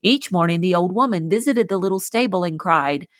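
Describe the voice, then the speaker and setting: Low-voiced woman narrating a children's tale. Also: lively intonation, fairly quick, hardly any pauses, no room sound, clean studio sound. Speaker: podcast host and storyteller. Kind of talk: scripted narration of a children's story.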